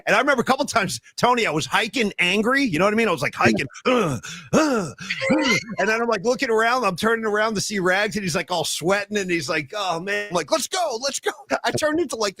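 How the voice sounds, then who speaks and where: An animated man with a somewhat high voice hosts a casual podcast chat. He tells long stories and acts out his own yelling along the way. His voice sounds dry and close to the mic. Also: no room sound. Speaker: podcast host.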